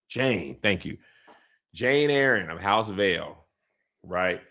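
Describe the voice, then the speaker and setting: A man with a gravelly, textured voice recaps a TV episode for laughs. His pitch swings widely as he tells the story, slangy and animated, slipping into playful character voices along the way. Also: moderate pace. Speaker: show recap host.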